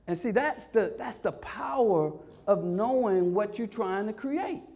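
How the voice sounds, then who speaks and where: A man leading a parent workshop, talking with lively call-and-response energy and repeating his key phrases for emphasis. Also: high voice, measured pace. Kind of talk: energetic motivational workshop talk.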